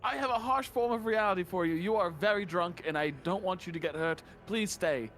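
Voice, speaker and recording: A man's voice: sits high, brisk, a bit bright, faint music behind. A man playing a tabletop game, talking in an earnest, pleading way. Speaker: player. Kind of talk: casual tabletop play.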